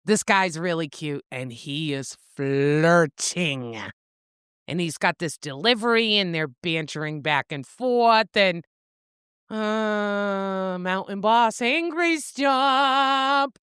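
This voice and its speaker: A woman's voice: medium pitch, takes it slowly, smooth, dry recording, clean studio sound. A woman co-hosting a casual book chat podcast, retelling the plot with acted-out lines and frequent laughs. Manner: animated storyteller, acts out lines, laughs often. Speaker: podcast co-host.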